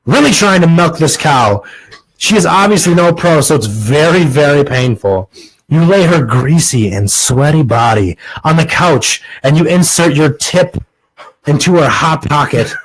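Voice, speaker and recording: Young man, comic monologue, crude, sarcastic, husky voice. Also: a little high, animated, a little slow, poor audio. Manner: crude, sarcastic, restarts lines. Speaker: podcast host.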